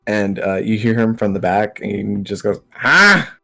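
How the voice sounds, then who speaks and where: A man narrating a tabletop game as game master in a relaxed style full of fillers. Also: lowish voice, moderate pace, vocal fry, soft background music.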